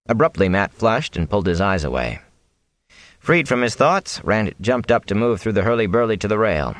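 A man reads a novel aloud in a very deep voice, swinging his pitch widely as he tells the story. The sound is dry and close, with no room around it. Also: very animated, moderate pace, no echo. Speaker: audiobook narrator. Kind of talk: scripted narration.

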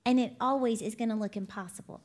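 A high-voiced woman delivers a conversational sermon. She tells folksy stories in a chatty way, often laughing along with her own stories. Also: fairly even intonation, quick pace, a little mellow. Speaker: ministry CEO and preacher.

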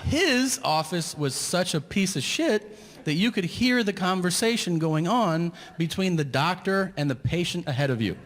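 A man's voice: high-pitched, lively intonation, moderate pace. A man doing a stand-up set, telling a story and acting out the voices. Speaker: stand-up comedian. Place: theater stage. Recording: echoey live hall with audience noise.

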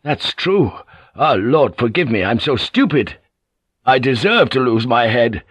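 A man's voice: mid-range voice, very animated, a little slow, fairly bright tone, slightly rough, no room sound, heavily acted. A man voicing a loyal, blunt old samurai general in an audiobook, eager and deferential. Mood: earnest. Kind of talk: audiobook character voice.

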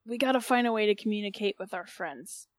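A woman's voice: medium pitch, fast. A woman player in a tabletop game, talking casually and a little hesitantly.

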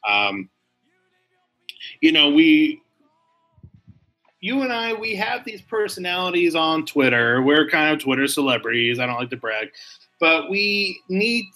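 A man co-hosts a comedy podcast, rambling through mock-serious apologies in casual comedic chat. His voice is a little high, expressive and bright, with a forceful tone and a slightly slow pace. Faint music plays behind him on a low-quality recording.

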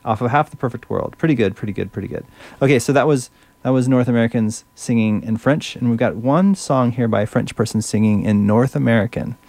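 A man's voice: mid-range voice, fairly quick, gravelly, a little mellow, no echo. Chatty male radio host introducing songs. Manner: chatty, fumbles French words, enthusiastic.

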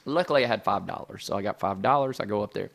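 A man's voice: lowish voice, fast talker, creaky, a bit bright. A man in his thirties, co-hosting a casual chat show, tells a family story with lots of laughter and acts out the people in it. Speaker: podcast co-host.

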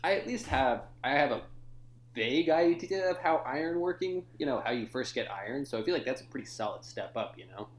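Young man, podcast co-host, casual movie chat, laughs a lot, swears freely, mid pitch, echoey room. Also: lively intonation, brisk, slight background noise. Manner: laughs often, loose and profane.

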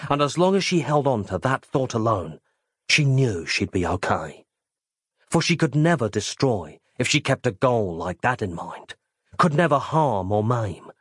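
Lively, expressive male narrator. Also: medium pitch, unhurried, breathy edge, no echo, studio quality. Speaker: audiobook narrator.

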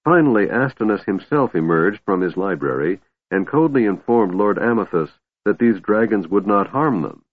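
Low-voiced guy reading a fantasy audiobook, tinny phone-like sound. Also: animated, moderate pace. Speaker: audiobook narrator. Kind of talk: scripted fantasy narration.

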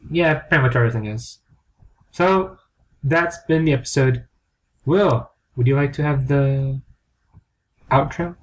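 A man's voice: medium pitch, moderate pace. A man co-hosting a podcast, bantering casually and teasing his partner with playful, mock-dramatic riffs. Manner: riffing, teasing, mock-dramatic announcer bits. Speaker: podcast co-host.

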